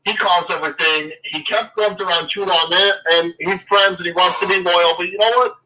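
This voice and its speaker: A man's voice: sits high, steady tone, brisk, pushed and bright, a little hiss or hum, rough recording. A man talking football as a guest, ranting in a fired-up way, swearing and then apologizing. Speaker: guest fan. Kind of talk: casual sports chat.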